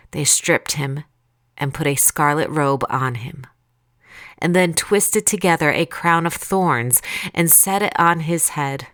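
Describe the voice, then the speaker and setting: A woman reading scripture aloud in a calm, deliberate, expressive way. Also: deep voice, dry recording, studio quality. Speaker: Bible reader.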